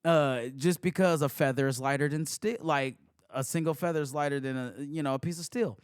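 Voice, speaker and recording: A man's voice: a little high, a little fast, clear, resonant tone, no echo, clean studio sound. A man co-hosting a film podcast, rambling and swearing freely as he picks apart a movie. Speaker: podcast co-host. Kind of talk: casual profane movie chat.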